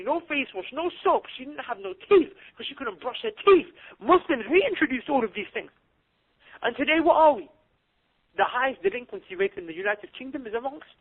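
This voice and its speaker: A man giving a fired-up, emphatic motivational religious talk over a webinar. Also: very high voice. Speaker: guest speaker. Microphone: webinar audio. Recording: tinny phone-like webinar line.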